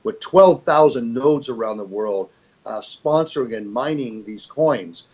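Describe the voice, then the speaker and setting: A man's voice: medium pitch, animated, measured pace, darkish tone, slightly rough, highs cut off. An older man giving an interview as a fund executive, talking in a rambling, emphatic way with many restarts. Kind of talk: conversational interview.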